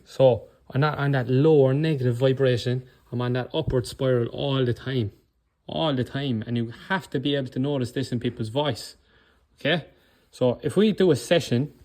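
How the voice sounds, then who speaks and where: Intense Irish coach with controlled anger. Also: male voice, medium pitch, darkish tone. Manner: blunt, swears, keeps checking in with "okay?". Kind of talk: motivational talk.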